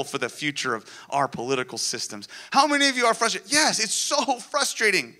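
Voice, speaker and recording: Bright-voiced male pastor preaching. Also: on the high side, big pitch swings, fast talker, hardly any pauses. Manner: conversational, asks the congregation questions; dry sarcastic humor. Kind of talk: Easter sermon. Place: church before a congregation.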